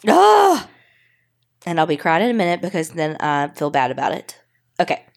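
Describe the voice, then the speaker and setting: A young adult woman co-hosting a podcast, chatting casually and reading listener stories, emotional and quick to swear. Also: low-pitched. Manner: emotional, swears freely, rambling. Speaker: podcast co-host.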